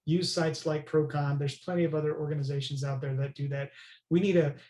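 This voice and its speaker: A man talks earnestly as a podcast guest, his voice sitting a little high for a man. He stresses his points and keeps checking in with his listener. The sound has a noticeable room echo. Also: fairly even intonation, fairly quick, dark tone. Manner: earnest, emphatic, many "right?" tags. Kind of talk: conversational interview.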